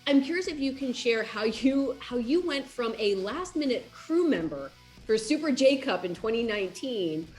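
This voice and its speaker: A woman's voice: sits high, sing-song, moderate pace, darkish tone, faint music behind. A woman hosting an interview, asking friendly questions and laughing as she goes. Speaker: host.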